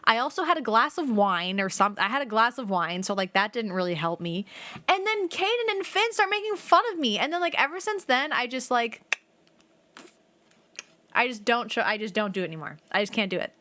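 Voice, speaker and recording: A young woman streaming a game tells casual, rambling stories with animated energy, frequent "like" and a swear here and there. Her voice is a little high and a little fast, with no room sound.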